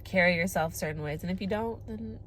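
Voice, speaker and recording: A woman's voice: fairly low pitch, a little fast, fairly bright tone, a little hiss or hum. A woman in her twenties talking to camera in a candid girl-talk monologue, emphatic, with frequent swearing and "like" fillers. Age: 20s. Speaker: vlogger.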